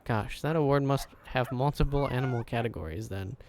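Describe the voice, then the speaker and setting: A man's voice: medium pitch, brisk, creaky, darkish tone, slight background noise, lightly acted. A man reading game dialogue aloud, voicing a polite, curious little cat in a mild, wry way.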